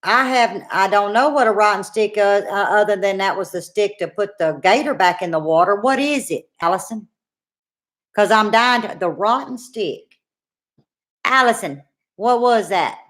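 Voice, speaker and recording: A woman's voice: medium pitch, normal speed, a bit bright. A middle-aged woman with a Louisiana Southern accent, co-hosting a casual live chat in a folksy, teasing, chatty way. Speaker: co-host of a live cooking chat stream.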